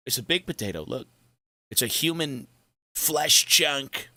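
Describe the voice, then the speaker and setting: Hoarse man, gaming streamer, slow loose banter, bright edgy tone, dry close mic. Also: medium pitch, lively intonation, no room sound. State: hoarse, sore throat. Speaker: gaming livestreamer. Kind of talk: casual live-stream chat.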